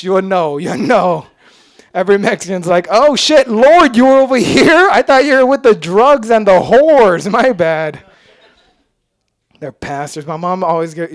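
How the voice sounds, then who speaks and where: A man doing a stand-up comedy set, self-mocking and jumping into loud voices when he acts out people. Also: high voice, smooth, no room sound, studio quality. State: sweating.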